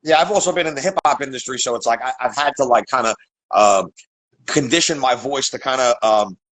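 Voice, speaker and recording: A man's voice: mid-range voice, fairly quick, a bit bright, rough recording. A man from Staten Island with a heavy New York accent, a rapper chatting bluntly as a podcast guest over a video call. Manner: blunt, streetwise, swears freely. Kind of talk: casual chat.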